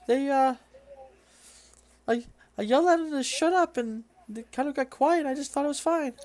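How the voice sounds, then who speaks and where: A man voicing a gentle, timid male orc bodyguard who stammers sheepishly. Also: very high voice, normal speed, voice pushed up.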